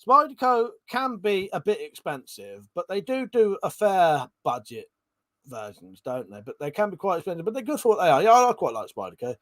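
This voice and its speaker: A man chatting casually on his live stream, voice sitting a little high. He swears freely and reads out comments from viewers. The sound is close and dry, with no room around it. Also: big pitch swings, normal speed, no echo. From Britain. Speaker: livestream host.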